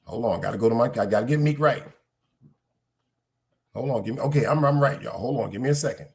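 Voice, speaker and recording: A man's voice: medium pitch, quick pace, creaky, darkish tone. A man from Brooklyn with a Brooklyn accent, hosting a live podcast stream in casual, profane, rambling chat aimed straight at his viewers. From Brooklyn, New York.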